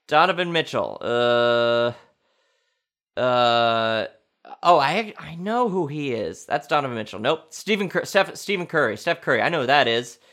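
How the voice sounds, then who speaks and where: A man's voice: medium pitch, bright, forceful tone. A man hosting a casual solo podcast, rambling and mocking himself as he thinks aloud. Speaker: podcast host.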